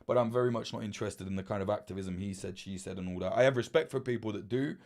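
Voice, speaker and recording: Talking fast in a lowish, darkish voice, this late-twenties man hosts a casual livestream, swearing freely and rambling through fillers and restarts.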